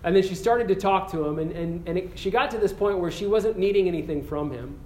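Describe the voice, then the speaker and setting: A man giving an earnest campus sermon, telling a story with frequent restarts and ending in a slow, quiet prayer. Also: high-pitched. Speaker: campus pastor. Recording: echoey room with faint ambience.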